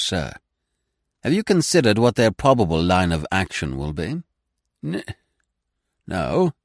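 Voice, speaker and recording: A lower-voiced man reads a classic detective tale aloud, swinging his pitch widely as he moves through the narration and the dialogue. The sound is dry and close, with no room around it. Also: no room sound. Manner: reads all characters in one voice, lively and expressive. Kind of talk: audiobook reading of a classic story.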